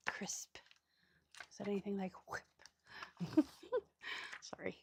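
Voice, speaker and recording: A woman with hiccups hosts a casual crafting video at an indoor craft table, chatting away, poking fun at herself, and often sinking to a murmur as she works. Her voice is medium-pitched, slow and gravelly, with background noise behind it.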